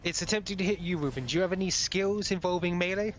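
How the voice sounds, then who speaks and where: A man's voice: high voice, fast talker, faint music behind. A man running a tabletop game as game master, directing the players and narrating the action.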